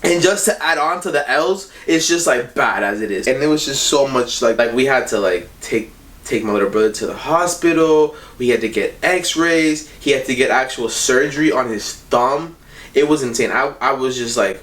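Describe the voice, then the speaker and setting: Young male vlogger, loose rambling storyteller, mid-pitched, slightly distant from the mic. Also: expressive, brisk, fairly bright tone. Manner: rambling, filler-heavy slangy telling. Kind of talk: casual storytime monologue.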